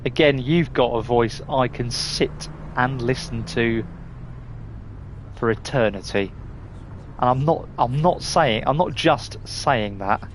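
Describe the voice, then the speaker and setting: A man talks slowly and casually as he streams a driving game, rambling and restarting his sentences with the odd mild curse. A faint hum sits under his voice. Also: medium pitch. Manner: chatty, rambling, stumbling restarts, mild swearing. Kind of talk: casual live gameplay chat.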